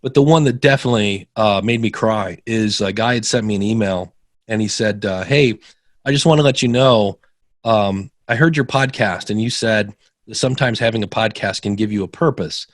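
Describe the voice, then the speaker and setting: Middle-aged guy with a lowish voice, chatty storyteller, does the voices of people he quotes, dry close mic. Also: normal speed, no room sound. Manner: animated, acts out quoted voices with big pitch jumps. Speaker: podcaster guest. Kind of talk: casual interview storytelling.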